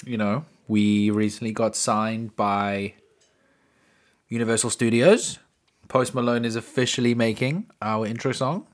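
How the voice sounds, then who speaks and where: A man's voice: lowish voice, fairly even intonation, a little slow. A man hosting his own podcast alone, rambling and joking with crude asides. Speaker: podcast host. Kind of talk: casual solo podcast chat.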